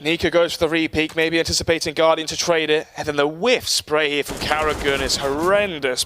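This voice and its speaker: Male esports caster, slightly high voice, brisk joking play-by-play, headset mic, faint game noise behind. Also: a bit bright. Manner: quick, joking, laughs often. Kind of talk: play-by-play commentary.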